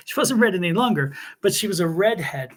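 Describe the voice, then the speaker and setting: A man's voice: high-pitched, animated, brisk, a bit bright. A man on a livestream giving a psychic reading, questioning the sitters, with restarts and ums. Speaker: psychic reader. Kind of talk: live psychic reading on a stream.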